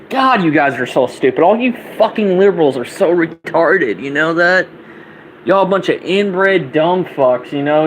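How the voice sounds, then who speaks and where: A man's voice: on the high side, a little hiss or hum, poor audio. A young man ranting angrily and profanely, repeating himself as he goes. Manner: heated, profane, repetitive ranting. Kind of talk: angry political rant vlog.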